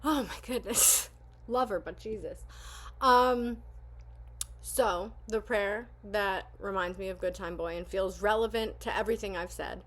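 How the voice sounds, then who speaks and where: A woman's voice: medium pitch, unhurried, fairly bright tone. Woman, casual reaction vlogger, candid and rambling, lots of "um"s. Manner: candid and rambling, with frequent fillers. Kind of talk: casual spoken commentary and prayer reading.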